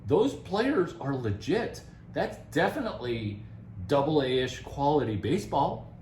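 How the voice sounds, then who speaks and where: Rambling, animated man, echoey room. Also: a little high, measured pace, a little hiss or hum. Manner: rambling, animated, laughs often, restarts. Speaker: speaker giving career advice. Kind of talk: casual talk.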